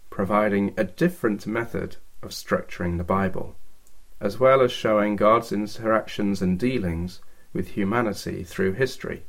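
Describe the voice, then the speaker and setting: A man giving a measured, scripted talk on Bible teaching. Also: fairly low pitch.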